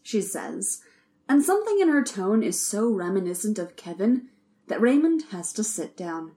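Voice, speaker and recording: A woman reading a story aloud as narrator, in an even, measured way. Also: mid-range voice, a little hiss or hum. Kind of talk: audiobook narration.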